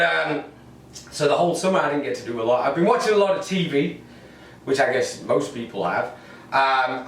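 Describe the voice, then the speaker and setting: Wry English comedian in an echoey room. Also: male voice, a little high. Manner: wry, rambling observational delivery. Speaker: stand-up comedian. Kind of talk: stand-up comedy set. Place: living room at home. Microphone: camera mic set far off. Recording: echoey room, distant mic.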